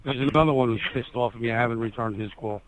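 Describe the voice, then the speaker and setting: A man's voice: medium pitch, fairly even intonation, fast talker, low-quality recording. A man with a New York accent in casual chat with friends, blunt and profane, rambling on.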